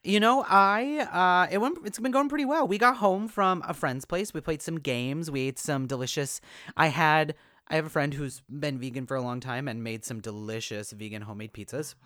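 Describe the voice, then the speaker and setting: A man's voice: fairly high pitch, moderate pace, fairly bright tone, no room sound, studio quality. A man co-hosting a podcast who teaches fitness classes, talking in rambling casual chat and laughing often. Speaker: podcast co-host, fitness instructor.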